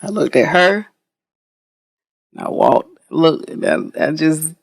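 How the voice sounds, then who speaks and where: Gravelly-voiced woman telling a blunt story. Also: low-pitched, takes it slowly, dry recording. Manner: animated, blunt, profane storyteller; repeats herself and restarts mid-sentence. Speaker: interview guest. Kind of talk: casual podcast storytelling.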